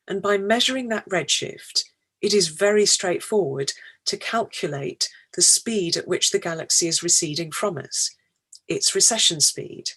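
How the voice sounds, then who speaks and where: A woman giving a public science lecture, explaining each point in a measured, deliberate way. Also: on the low side, fairly bright tone, husky.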